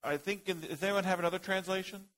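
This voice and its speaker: A man leads a Bible study in a church classroom, talking casually to his group. His voice sits a bit high for a man, and he jokes, thinks aloud and calls on people by name. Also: fairly even intonation, fast talker, a bit bright, poor audio.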